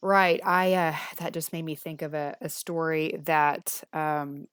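A middle-aged woman hosting a podcast, telling a family story casually with lively quoted speech. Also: deep voice, a little slow, clean tone, no room sound, studio quality. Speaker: podcast host.

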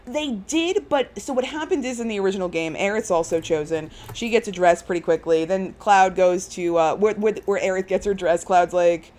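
A woman's voice: medium pitch, normal speed, hardly any pauses, darkish tone. A woman co-hosting a podcast, retelling in a gushing, rambling way with lots of fillers. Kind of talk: casual chat.

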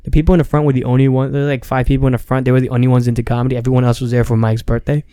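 Young male comic, smooth clear voice, dry close sound, rambling casual storyteller. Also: mid-range voice, level tone, very fast, mellow, no room sound. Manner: loose, rambling storyteller who acts out quotes. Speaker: stand-up comic.

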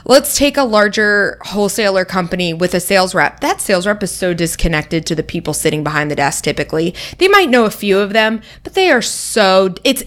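A woman co-hosting a casual podcast chat, talking freely with lots of fillers and lively asides. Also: medium pitch, brisk, few pauses. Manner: conversational, filler-heavy, animated asides. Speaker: podcast co-host.

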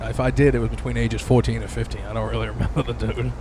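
A young man in casual conversation, telling animated stories full of swearing. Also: mid-range voice, background noise. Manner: fast, animated storytelling with heavy swearing. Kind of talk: casual podcast chat.

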